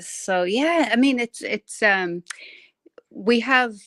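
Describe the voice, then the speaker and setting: A woman's voice: fairly high pitch, expressive, slow pace, a bit bright, no room sound, clean studio sound. An Irish woman hosting a casual live stream, rambling and greeting viewers by name with endearments. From Ireland. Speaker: livestream host.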